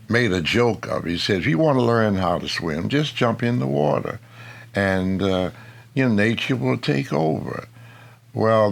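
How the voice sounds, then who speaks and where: A man telling a personal faith story slowly and deliberately in a documentary. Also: deep voice, gravelly. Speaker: interviewee. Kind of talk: documentary testimony.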